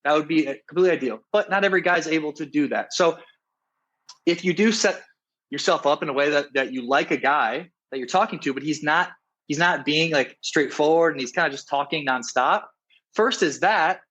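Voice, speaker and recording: A man's voice: on the high side, brisk, a bit bright, rough recording. A man, a dating coach and interview guest, talking earnestly in a casual chat, often restarting and checking in with "right?". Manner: earnest, keeps asking "right?", many restarts.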